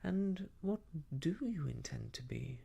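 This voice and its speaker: A man voicing a gentle, earnest young woman in a whispered role-play, speaking softly and sincerely. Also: a little high, very animated, slow, gravelly, slightly rough, pitched above the performer's own voice, heavily acted. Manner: soft, sincere and quiet.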